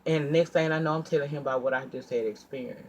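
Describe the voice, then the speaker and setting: A man telling a personal story in a casual storytime monologue, animated and profane, acting out his own heated outbursts and then dropping to a quiet, earnest tone when he reflects. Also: mid-range voice, fast talker, slight background noise. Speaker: storyteller vlogger.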